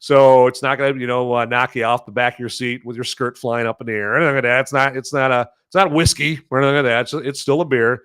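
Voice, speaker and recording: A man's voice: mid-range voice, fairly even intonation, fast, hardly any pauses, a bit bright, clear, resonant tone. A man hosting a podcast who chats casually and rambles in a jokey way, with many fillers and self-corrections. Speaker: podcast host reviewing beer. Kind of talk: casual chat.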